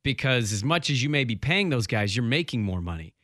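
A man's voice: mid-range voice, very animated, a little fast, fairly bright tone, no room sound, clean studio sound. A man co-hosting a casual sports talk show, arguing his opinions. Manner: argumentative, opinionated. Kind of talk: casual sports radio chat.

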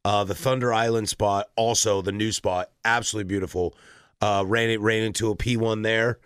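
A man's voice: fairly even intonation, fairly quick, smooth, no echo, clean studio sound. A man from the co-hosting a podcast in casual chat, talkative and self-deprecating. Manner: chatty, self-deprecating, acts out quotes in a low voice. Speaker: podcast co-host.

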